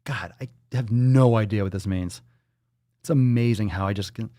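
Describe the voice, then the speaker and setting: A man's voice: lowish voice, moderate pace, dark tone, dry recording, clean studio sound. A man hosting a livestream, reading out viewer donations and messages in casual, profane chat full of jokes and riffs. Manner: joking, profane and riffing off-the-cuff. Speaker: livestream host.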